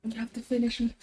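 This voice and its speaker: A woman streamer chats casually on a live stream while eating spicy food, groaning, laughing, and sniffling from the heat. Her voice is on the high side with a darkish tone and a breathy edge.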